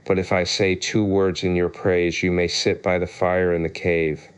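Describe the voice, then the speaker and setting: A man voicing a proud, clever woman of the cave in a storybook reading, calm and measured. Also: low voice, clear, resonant tone, lightly acted.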